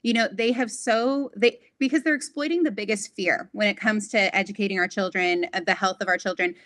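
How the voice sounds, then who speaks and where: A woman's voice: medium pitch, a little fast, a bit bright, dry recording. A woman guest in an interview, speaking earnestly and articulately and building her points as lists. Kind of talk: interview conversation.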